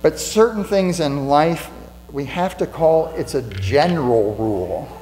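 A pastor giving a conversational sermon in a church, asking rhetorical questions and repeating lines for emphasis. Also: male voice, fairly high pitch, animated, unhurried, darkish tone, soft background music. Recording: echoey hall with mains hum.

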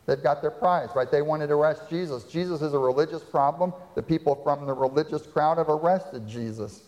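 A man's voice: on the high side, a little fast, darkish tone. Man preaching in a reverberant hall. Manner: dramatic retelling with rhetorical questions. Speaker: pastor. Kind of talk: sermon. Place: church sanctuary.

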